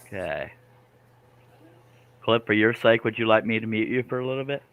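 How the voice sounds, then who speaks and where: A man's voice: lowish voice, normal speed, background noise. A man hosting a live stream, chatting casually, teasing his co-host and laughing often. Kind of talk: casual chat while reading comments.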